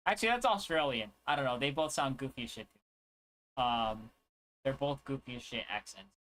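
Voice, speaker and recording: Young man, streamer, casual rambling chat, crude jokes, bright tone. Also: mid-range voice, expressive, moderate pace, slight background noise, low-quality recording.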